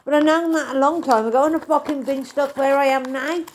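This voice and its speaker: A woman's voice: high voice, fairly even intonation, brisk, darkish tone, slight background noise. A woman giving a casual, rambling spiritual reading to camera, swearing often and calling the listener mate and darling. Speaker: tarot reader.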